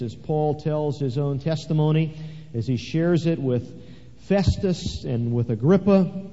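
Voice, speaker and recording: A man's voice: fairly high pitch, warm tone. A man preaching a sermon, swelling dramatically when he reads scripture aloud. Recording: echoey hall, dull lo-fi sound.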